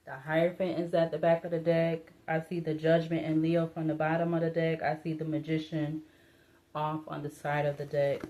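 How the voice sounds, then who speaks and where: A woman's voice: deep voice, darkish tone. A woman reading tarot cards in a casual, musing way, hesitating often with fillers and restarts, her voice breaking up a little. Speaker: tarot reader.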